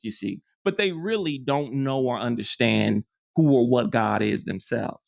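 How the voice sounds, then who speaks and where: Gravelly man giving a spiritual talk. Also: mid-range voice, expressive, moderate pace, hardly any pauses. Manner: rambling, repeats "you see", restarts often. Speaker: metaphysics teacher. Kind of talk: informal spiritual lecture.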